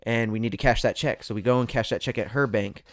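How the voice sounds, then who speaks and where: A young man hosting a podcast, telling a story in a casual, animated way and laughing often. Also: medium pitch, fast talker. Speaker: podcast host. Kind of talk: casual chat.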